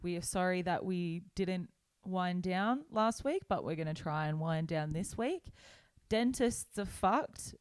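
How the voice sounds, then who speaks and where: A woman's voice: fairly low pitch, measured pace, few pauses, clear, resonant tone, no room sound, clean studio sound. A woman co-hosting a podcast, chatting in a playful, rambling way. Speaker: podcast co-host. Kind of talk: casual chat.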